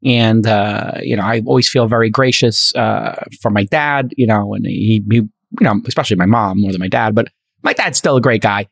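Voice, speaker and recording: A man's voice: on the low side, moderate pace, creaky, dry recording, clean studio sound. A man hosting a podcast, telling a long casual anecdote with many fillers and restarts and voicing the people in it. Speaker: podcast host. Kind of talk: casual storytelling chat.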